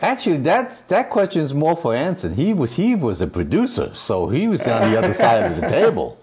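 A man appears as a guest on a casual podcast. His voice is husky and lively, rising and falling as he tells stories with frequent laughs. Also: fairly high pitch, a little fast. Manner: animated storyteller, laughs often. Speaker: actor guest. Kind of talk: casual chat.

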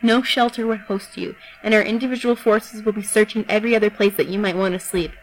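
A woman voicing a cold young woman who commands insects, delivering threats in a calm, level voice. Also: medium pitch, fast, a little hiss or hum, close to an everyday voice, poor audio. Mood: menacing.

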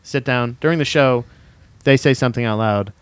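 Man, comedy podcast host, rambling stories, dry close sound, medium pitch. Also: normal speed, clean tone, no room sound. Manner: rambling storytelling, lots of swearing; jumps high in pitch when quoting people. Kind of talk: casual comedy podcast banter.

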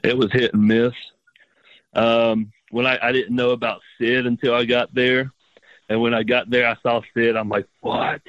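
A man's voice: fairly low pitch, dry recording, highs cut off. A man, a professional wrestler guest, telling stories in a casual interview and acting out the lines he quotes with big jumps in his voice, swearing freely.

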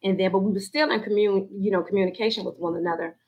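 A woman's voice: medium pitch, fairly even intonation, fast, highs cut off. A woman sharing a personal faith testimony in conversation, acting out her own inner voices as she tells it. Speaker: guest sharing her story.

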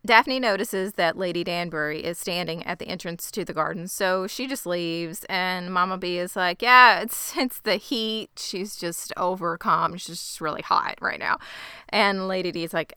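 A woman's voice: lowish voice, steady tone, normal speed, pushed and bright, clean tone, no room sound, studio quality. A woman co-hosting a casual recap chat, chatty and acting out quotes with laughs. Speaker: podcast co-host.

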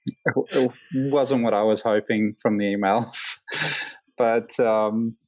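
An Australian man, a hang glider pilot, telling a story as a guest in a casual interview, full of fillers and lively quoted voices. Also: mid-range voice, slow, no echo, low-quality recording. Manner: rambling, many fillers, animated quoting.

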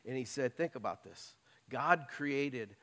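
A middle-aged man preaching from the pulpit in an earnest, personal way. His voice sits at an ordinary male pitch, and he talks plainly, as if to friends in the pews. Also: animated, takes it slowly, pushed and bright. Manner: earnest, personal, emotional at times, plain-spoken. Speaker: pastor. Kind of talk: sermon.

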